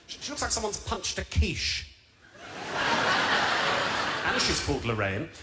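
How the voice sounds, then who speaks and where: A young man with a Birmingham accent performs stand-up in a camp, chatty, self-mocking way, his pitch a touch high and very lively. The live stage mic carries heavy background noise. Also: slow pace. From England. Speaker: stand-up comedian. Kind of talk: stand-up routine. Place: large theatre stage.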